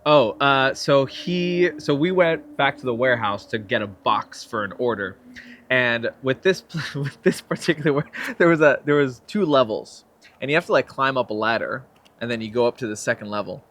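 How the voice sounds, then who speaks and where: Here a young filmmaker and actor, a guest in a laid-back interview, spins animated stories and acts out the quotes with laughter. His voice is mid-range and his pace moderate.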